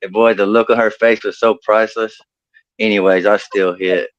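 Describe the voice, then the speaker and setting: A man's voice: lowish voice, little pitch movement, moderate pace, no room sound, lo-fi sound. A man doing a crude stand-up comedy set over a video call, laughing at his own jokes.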